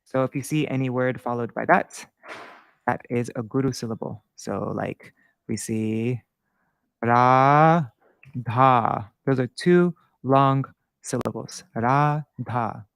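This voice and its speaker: A man giving an informal screen-share lesson on Sanskrit verse, halting with many fillers and self-corrections. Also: mid-range voice, gravelly, smooth, no echo. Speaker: Sanskrit teacher.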